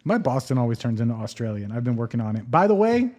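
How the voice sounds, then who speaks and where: A man's voice: medium pitch, sing-song, fast, warm tone. A man co-hosting a casual podcast, joking and rambling a little tipsily. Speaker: podcast co-host. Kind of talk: casual chat.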